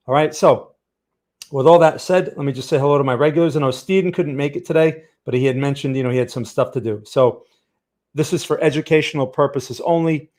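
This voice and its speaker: Chatty New York trading streamer. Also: male voice, medium pitch, a little mellow. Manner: chatty, greets viewers by name. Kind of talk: casual livestream market talk.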